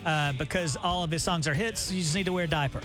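A man's voice: a little high, quick pace, music in the background. A man co-hosting a morning radio show, chatting animatedly and acting out quoted voices. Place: radio studio. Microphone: studio microphone.

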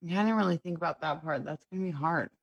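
A woman's voice: low-pitched, quick pace, muffled recording, loud music behind the voice. A woman co-hosting a live morning radio show, bantering and teasing her co-hosts.

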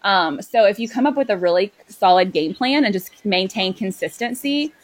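A woman sleep consultant talking in a casual chat, quick and earnest, with many "like" fillers. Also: medium pitch, animated.

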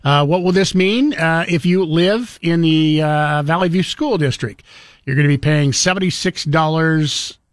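A man hosts a radio talk show from a studio mic. His voice is a bit high for a man and sounds dry and close. He tells stories casually and acts out other people's words. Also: measured pace, dry recording. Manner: storytelling with quoted voices and chuckles.

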